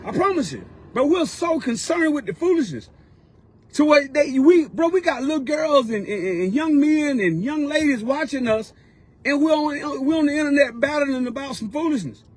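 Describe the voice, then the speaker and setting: A man's voice: very high voice, lively intonation, normal speed, no echo. A man giving a fervent, preaching-style motivational talk as a mentor, repeating his points in a colloquial way. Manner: fervent, repetitive, colloquial exhortation.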